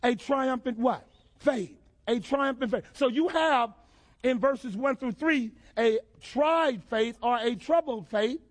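High-voiced preacher man. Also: takes it slowly. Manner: call-and-response questions to the congregation, emphatic shouted build-ups. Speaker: pastor. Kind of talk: sermon.

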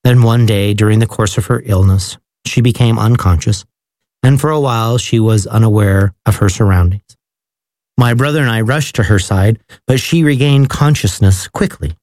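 Solemn man reading slowly. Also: on the low side, darkish tone, no echo. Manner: slow, measured and reverent. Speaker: reader.

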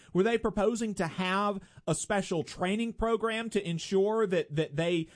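A man interviewing a guest, asking rambling, hesitant questions full of fillers. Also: sits high. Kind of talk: conversational interview.

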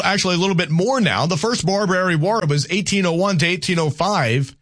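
A man's voice: high voice, bright, forceful tone. A man hosting a talk radio show, giving opinions in a loose conversational monologue and reading listener texts aloud.

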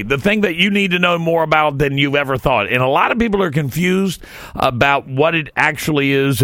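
A man from Southwest Florida hosting a talk radio show, bantering in an animated, joking way. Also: mid-range voice, no room sound, clean studio sound. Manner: animated, chants a catchphrase, joking. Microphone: studio microphone.

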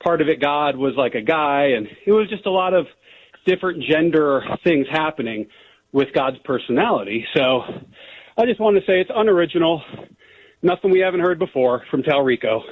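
Husky male caller on a tinny phone. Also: fairly high pitch, expressive, normal speed, no echo. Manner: casual, rambling with fillers. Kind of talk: phone-in call.

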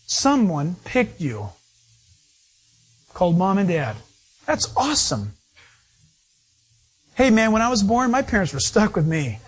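A middle-aged male pastor delivering a sermon, telling stories in an animated, playful way with asides. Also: sits high, measured pace, pauses often, slight background noise.

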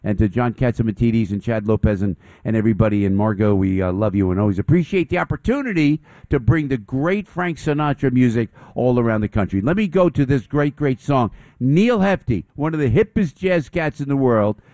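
A man's voice: medium pitch, expressive, a little fast, few pauses, dark tone, no echo. A man hosting a live radio show from a jazz club, effusive and gushing with thanks and praise.

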